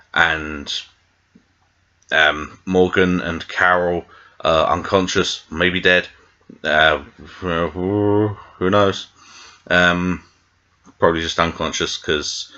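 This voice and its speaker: A man's voice: low-pitched, pushed and bright, highs cut off. A British man reviewing a TV episode in a meandering, tangent-filled casual chat, full of fillers. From Britain. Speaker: TV show reviewer.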